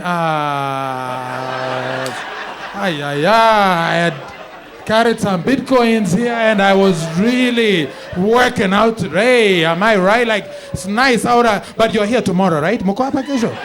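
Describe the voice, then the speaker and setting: Animated Kenyan man doing stand-up. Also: sits high, a little slow, some chatter behind, a little hiss or hum. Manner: animated, mixes in Swahili, acts out people. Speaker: stand-up comedian. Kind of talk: stand-up comedy set.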